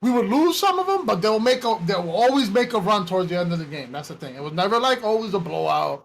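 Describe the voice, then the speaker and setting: A man with a notably high voice chats on a podcast with his buddies. He talks in an excitable, slangy way and laughs often. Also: fast, creaky, slight background noise. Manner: excitable, laughs, drops "bro" and "yo". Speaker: podcast co-host. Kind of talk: casual chat.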